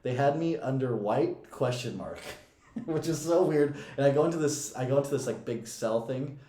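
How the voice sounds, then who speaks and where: A man's voice: medium pitch, animated, normal speed, mellow. A young man and podcast co-host casually telling a story, profane and often laughing. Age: young adult. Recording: echoey room.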